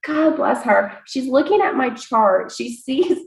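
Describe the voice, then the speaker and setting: A woman guest on a podcast, telling a personal story in a chatty, animated way with many fillers. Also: sits high, measured pace, vocal fry. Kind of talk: casual interview storytelling. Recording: echoey room.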